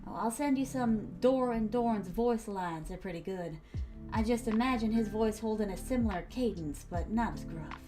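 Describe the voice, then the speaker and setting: Writing during a live stream, a young woman talks casually with her audience, whom she addresses as "my starlings," in a theatrical, polished manner. Her medium-pitched voice keeps a moderate pace over music.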